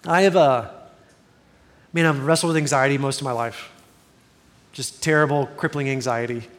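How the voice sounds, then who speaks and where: A man's voice: mid-range voice, steady tone, normal speed, fairly bright tone, big-room sound. A man in his forties preaching a sermon as a pastor, earnest and conversational with self-deprecating humor.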